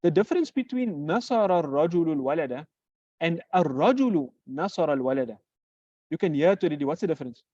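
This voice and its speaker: A teacher giving a grammar lesson who poses questions and answers them, repeating example phrases slowly. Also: mid-range voice, animated, dark tone, no echo. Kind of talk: classroom lecture. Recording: dull lo-fi recording.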